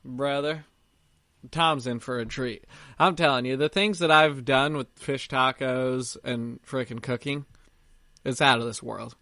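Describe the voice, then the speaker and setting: Young male co-host, rambly storyteller, dry close sound, mid pitch. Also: steady tone, a little slow, pushed and bright, dry recording. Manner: rambling, laughs at own stories. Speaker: podcast co-host. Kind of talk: casual chat. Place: camper.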